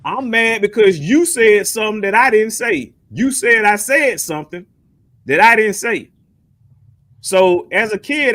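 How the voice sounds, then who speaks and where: A man's voice: sits high, a bit bright. A man hosting a casual call-in show, talking in long rambling runs and repeating words as he thinks. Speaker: host.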